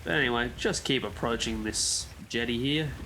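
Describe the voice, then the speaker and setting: A man's voice: mid-range voice, moderate pace, sharp tone, a little hiss or hum. A man giving a casual, chatty game walkthrough as a gaming YouTuber, drifting into side comments. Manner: easygoing, chatty, rambles into asides.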